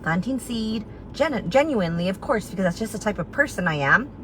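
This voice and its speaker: A woman's voice: medium pitch, a little fast, poor audio. Give me a chatty woman with a slight lisp giving a motivational recruiting talk, with a faint hiss in the background. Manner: chatty and animated, acts out her own inner voice, laughs at herself. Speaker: network marketing team leader.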